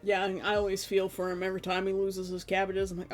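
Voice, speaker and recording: A woman in her thirties chatting casually with her stream viewers, animated and laughing often. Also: medium pitch, fast.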